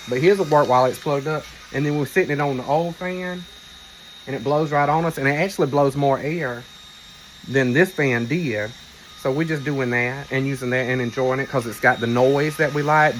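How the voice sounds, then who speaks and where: A man's voice: medium pitch, fairly bright tone, a little hiss or hum. A tipsy man, rambling through a casual storytelling vlog from a cruise ship cabin with frank asides and some cursing. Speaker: vlogger.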